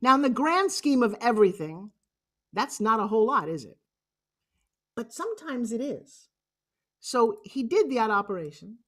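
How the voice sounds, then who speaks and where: A woman in her sixties with a New York accent, telling a personal story on stage in a lively, joking, blunt way. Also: a little high, moderate pace, long pauses. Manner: animated, jokey and blunt, acting out other voices. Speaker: motivational speaker.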